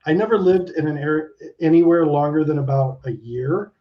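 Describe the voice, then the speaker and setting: A man around fifty telling stories as an interview guest, animated and swearing, acting out the people he quotes. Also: a little high, a little fast. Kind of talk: casual interview storytelling. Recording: dull lo-fi sound.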